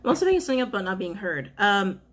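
A woman's voice: mid-range voice, big pitch swings, rapid-fire, a little hiss or hum. A woman giving a casual spoken tarot reading to her viewers, chatty and emphatic, repeating her phrases and often breaking into laughter. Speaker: tarot reader.

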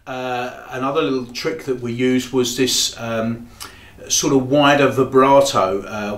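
A man teaches saxophone in a mid-pitched voice, explaining in a halting way with frequent pauses. His voice sounds roomy and echoey, with a faint hum of background noise behind it. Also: fairly bright tone. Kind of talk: demonstrating tutorial.

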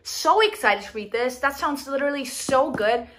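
A woman's voice: high-pitched, animated, normal speed, fairly bright tone. A young woman chatting in a casual vlog, gushing about books and shopping in a chatty, enthusiastic way. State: out of breath. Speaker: book vlogger.

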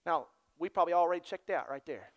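A man preaching a sermon as pastor in a church, dropping to hushed near-whispers and then building to loud, excited storytelling. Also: fairly high pitch, quick pace.

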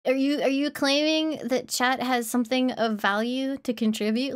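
Sick woman streamer, teasing and sardonic, slightly high voice. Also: steady tone, normal speed, hardly any pauses, smooth. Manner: teasing, sardonic chatter at chat. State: ill, throat infection. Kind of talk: casual live gameplay commentary.

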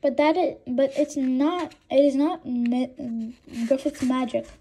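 A woman reading the lines of a nervous young boy who trains dragons, halting over her words. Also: high voice, warm tone, husky, heavily acted.

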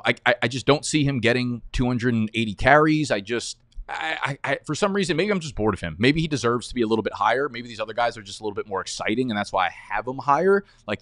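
A man's voice: medium pitch, a bit bright, no room sound, clean studio sound. A man giving fantasy football rankings in a casual, blunt way, rattling off stats and sometimes stammering. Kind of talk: casual opinionated rankings rundown.

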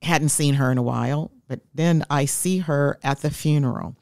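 A woman's voice: low-pitched, normal speed, vocal fry, a little mellow, dry recording, studio quality. A woman in her fifties, a guest telling her life story in an interview, heartfelt and reflective.

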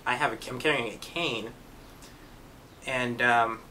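A man's voice: mid-range voice, steady tone, unhurried, sharp tone, slight background noise. A young man, an actor, chatting casually about his roles, laughing at himself as he goes. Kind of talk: casual interview.

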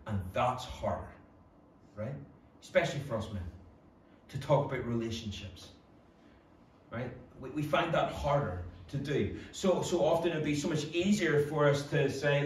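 Northern Irish pastor preaching in an echoey hall. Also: male voice, on the high side, expressive, a little hiss or hum. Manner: earnest preaching with quick acted asides. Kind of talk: sermon. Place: church hall. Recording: echoey church hall from a distance.

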